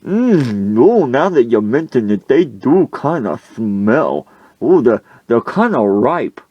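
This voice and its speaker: A man voicing a big, loud Italian football coach who hollers and complains in an overblown, indignant way. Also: mid-range voice, sing-song, slow pace, no echo, highs cut off. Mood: sniffing, grumbling.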